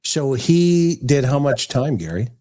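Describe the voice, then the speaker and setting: A man with a mid-range voice hosts a casual livestream chat. He breaks in often with quick interjections and keeps asking eager questions. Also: mid-range voice, big pitch swings, warm tone. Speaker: host.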